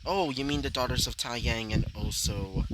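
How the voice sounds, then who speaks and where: Pondering older headmaster, measured speech, read by a man in a casual fan story. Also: medium pitch, huge pitch swings, very noisy.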